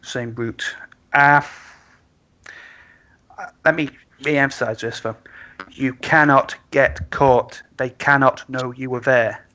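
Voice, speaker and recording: A grudging, sarcastic woman fixer from a tabletop game, put on by a man in his own voice. The voice is bright and forceful, the delivery blunt. A dull lo-fi mic. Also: medium pitch, steady tone, slow pace, long pauses.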